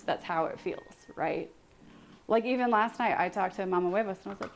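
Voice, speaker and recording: A woman's voice: mid-range voice, a little fast. Young woman rambling to her stream chat in the kitchen, giggly, self-deprecating, some faint hiss behind. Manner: chatty and self-deprecating, laughs often. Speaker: livestream cooking host. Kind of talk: casual chat with live viewers while cooking. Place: home kitchen.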